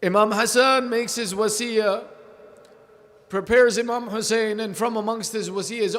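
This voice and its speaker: A man preaching a mourning sermon, building from a slow, low telling to a loud, wailing lament. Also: fairly even intonation. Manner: quotes figures in a pleading voice without acting them out.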